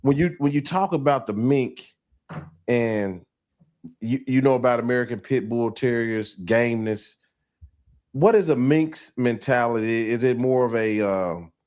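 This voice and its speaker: A man's voice: medium pitch, unhurried, darkish tone. Easygoing male podcast host. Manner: easygoing, backchannels with short agreements. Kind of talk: casual interview.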